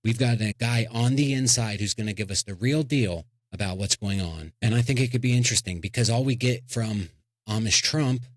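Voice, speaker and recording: A man's voice: mid-range voice, a little fast, no echo. A man hosting a comedic podcast, rambling and joking as he introduces segments and guests. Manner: rambling, joking, self-interrupting. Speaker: podcast host.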